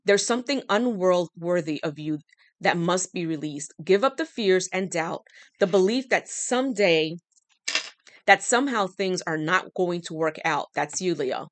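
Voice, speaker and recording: A woman's voice: on the low side, lively intonation, measured pace, no room sound. A woman giving a channeled tarot reading, talking straight to the listener in an emphatic, coaxing way, her throat dry. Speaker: tarot reader.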